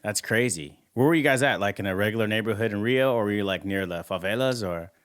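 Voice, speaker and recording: A low-pitched man hosts a casual podcast, dropping quick reactions and questions into a guest's story. He keeps his lines short. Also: noisy background. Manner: brief interjecting reactions and questions. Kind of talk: casual chat.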